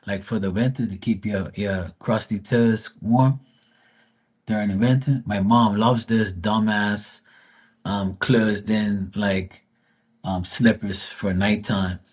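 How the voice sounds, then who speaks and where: A man's voice: lowish voice, fairly even intonation, measured pace, a little mellow, slightly rough. A man hosting a live stream, telling rambling, profane family stories in casual chat.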